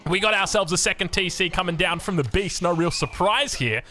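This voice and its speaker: A man's voice: high-pitched, a little fast, sharp tone. A man with an Australian accent giving casual, rambling commentary over a strategy game, with chatty asides. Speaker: game caster and coach.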